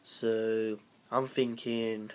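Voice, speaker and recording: A man's voice: fairly low pitch, little pitch movement, very slow, a little hiss or hum. A man giving a casual live review of a manga chapter, recapping the plot in a rambling, profane way with frequent restarts.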